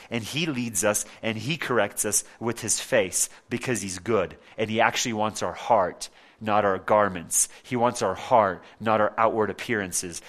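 Emphatic preaching man, low voice. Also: fairly bright tone. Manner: emphatic, repetitive preaching with rhetorical questions. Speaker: pastor. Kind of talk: sermon.

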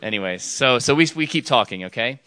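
A man's voice: medium pitch, animated, a little fast, bright, forceful tone, smooth, no room sound. A young man giving a casual sermon to a youth group, telling stories with lots of fillers and restarts and often asking the audience questions. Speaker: youth speaker.

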